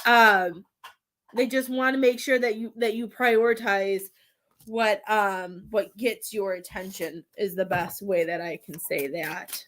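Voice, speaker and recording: A woman's voice: medium pitch, steady tone, unhurried, fairly bright tone, slight background noise. A woman giving a live tarot and medium reading in a chatty, emotional way, laughing often between thoughts and coming close to tears. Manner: emotional, near tears at times.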